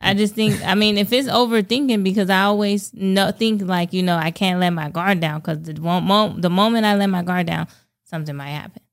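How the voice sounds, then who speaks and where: A woman's voice: medium pitch, brisk. A woman co-hosting a casual podcast, speaking earnestly and often stopping to restart her sentences. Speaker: podcast co-host. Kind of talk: casual chat. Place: home podcast setup.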